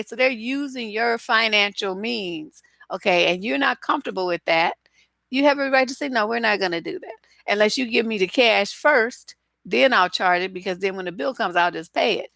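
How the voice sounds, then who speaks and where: A woman relationship coach talking to her viewers in a casual live broadcast, blunt, animated and freely profane. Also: mid-range voice, gravelly, dry recording.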